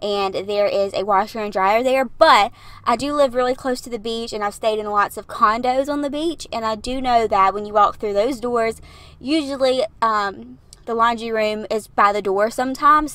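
This young woman's voice is on the high side, pushed and bright, at a moderate pace with no room sound. A YouTuber narrating a build video, she chats breathlessly in a rambling, laughing voiceover from her parked car.

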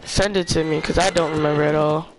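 A young man streaming a video game, chatting in slang and yelling at the game when things go wrong. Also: on the high side, quick pace. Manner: excitable, trash-talking slang, yells at the game. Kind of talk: casual gaming commentary. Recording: noisy game sound underneath.

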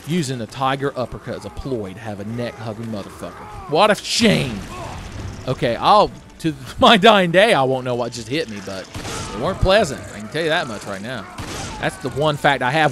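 A man's voice: medium pitch, sing-song, normal speed. Profane, jokey man commenting on a game. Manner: profane, jokey, rambling, bursts into loud exclamations. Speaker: let's play commentator. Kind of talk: casual gameplay commentary. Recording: game music behind the voice.

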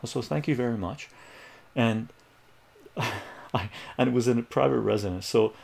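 A middle-aged streaming math tutor spins a rambling story in casual livestream talk, animated and full of laughs, mimicking the voices he quotes. His gravelly mid-range voice keeps a moderate pace.

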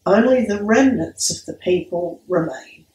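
Slow-speaking woman preaching. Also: mid-range voice, expressive, warm tone. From Australia. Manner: measured, storytelling delivery. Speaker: priest. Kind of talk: sermon. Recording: echoey room, mic at a distance.

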